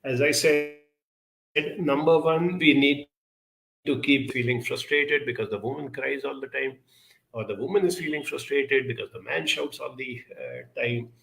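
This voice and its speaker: A man answering audience questions in a reflective advice talk, speaking in a measured, deliberate way with frequent pauses. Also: mid-range voice, vocal fry, a bit bright, roomy sound, low-quality recording.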